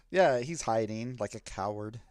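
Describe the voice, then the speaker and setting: A man acting as game master, narrating a tabletop game in an unhurried way with plenty of fillers. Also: mid-range voice, darkish tone, no echo.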